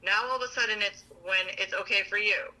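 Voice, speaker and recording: A woman's voice: medium pitch, fairly even intonation, brisk, sharp tone, rough recording. A woman co-hosting a relationship podcast, venting bluntly about a partner in casual, profane chat. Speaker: podcast co-host.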